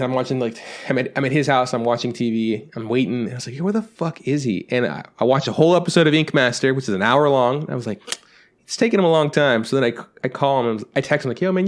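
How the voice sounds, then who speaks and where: A man's voice: medium pitch, animated, quick pace. A young adult man on a casual podcast, telling rambling anecdotes and acting out quotes, swearing freely. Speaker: podcast co-host. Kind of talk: casual storytelling chat.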